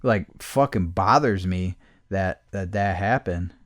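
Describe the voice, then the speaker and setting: A man's voice: sits low, takes it slowly, no echo, clean studio sound. A man hosting a podcast, telling a rambling, profane story in a casual rant and mimicking the people he dealt with. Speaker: podcast host.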